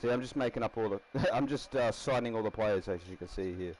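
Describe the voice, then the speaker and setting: A man's voice: fairly low pitch, quick pace, darkish tone, poor audio. A man casually commenting while building a rugby team in a game, rambling and laughing often. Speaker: gaming streamer.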